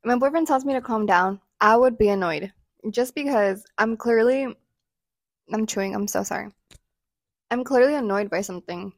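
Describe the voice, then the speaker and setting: A young woman co-hosting a casual chat podcast, talking in an animated way and slipping into quoted voices. Her voice sits a little high, and the sound is close and dry. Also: normal speed, no echo. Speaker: podcast co-host.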